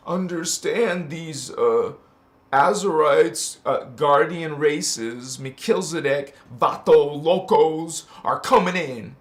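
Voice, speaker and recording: A man's voice: fairly high pitch, slow. A man preaching in an impassioned, casual spiritual talk, calling his listeners honey and breaking into chanted syllables. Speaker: spiritual channel host. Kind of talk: spiritual livestream sermon.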